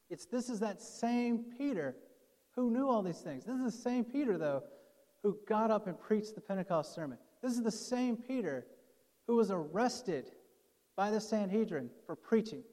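High-voiced male preacher in a reverberant hall. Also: lively intonation, moderate pace, mellow. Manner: conversational preaching, voicing quoted speakers. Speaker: pastor. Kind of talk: sermon.

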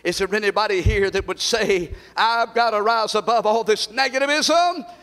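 Fervent high-voiced preacher. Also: male voice, moderate pace. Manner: fervent, shouting calls for congregation response. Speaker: pastor. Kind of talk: sermon. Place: church sanctuary. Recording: long hall reverb.

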